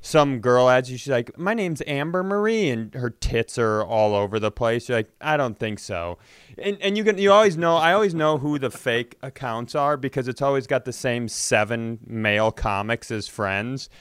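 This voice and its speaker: A man's voice: medium pitch, normal speed, few pauses, clean tone, no room sound, clean studio sound. A man hosting a comedy podcast, telling a story casually and acting out the phone voices with laughs along the way.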